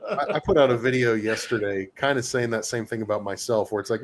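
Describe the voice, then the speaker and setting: A man's voice: fairly low pitch, quick pace. A man who makes gun videos, chatting casually in a rambling, filler-heavy, self-mocking way. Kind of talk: casual chat.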